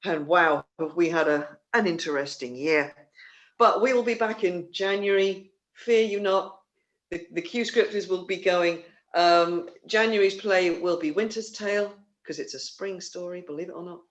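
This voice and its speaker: A man's voice: sits high, moderate pace, fairly bright tone, dull audio. A man hosting an online theatre livestream, chatty and rambling, with many fillers and restarts, talking over a video call. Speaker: theatre company host. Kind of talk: casual livestream announcements.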